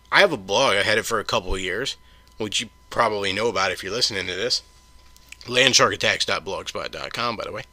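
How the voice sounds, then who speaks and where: A man's voice: mid-range voice, bright, forceful tone, dry recording. A man hosting his own podcast, delivering a heated, profane solo rant full of stumbling restarts. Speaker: podcast host.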